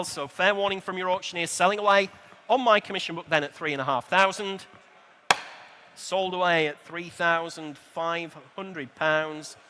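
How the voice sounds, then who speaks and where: A man working as an auctioneer, briskly calling bids at a live sale in a large exhibition hall, with dry asides to the room. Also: high-pitched, bright, forceful tone, slight background noise.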